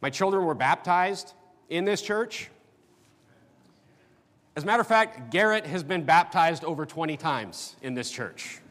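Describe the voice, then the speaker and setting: A middle-aged man preaches in a fairly high voice, speaking casually and stumbling through fillers as he shares personal memories. His words ring out with the long reverb of a large church hall. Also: lively intonation, a bit bright. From North Dakota. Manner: conversational, halting with fillers and restarts. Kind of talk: sermon.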